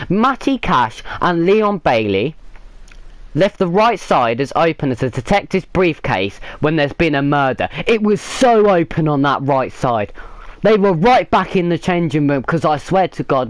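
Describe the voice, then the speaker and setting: A man's voice: fairly high pitch, dry recording. A man giving an exasperated, theatrical comic rant as a football fan reacting to a match. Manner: exasperated, theatrical ranting with lots of repetition.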